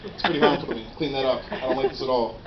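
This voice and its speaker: A man voicing a fussy, entitled house cat who grumbles in a lower, slow voice. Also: lightly acted. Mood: indignant. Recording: roomy, dull, noisy live room.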